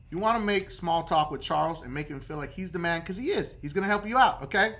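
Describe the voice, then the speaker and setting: A man's voice: fairly high pitch, animated, quick pace, hardly any pauses, a bit bright. A man hosting a casual how-to talk on credit repair, who checks in with "okay?" after nearly every point.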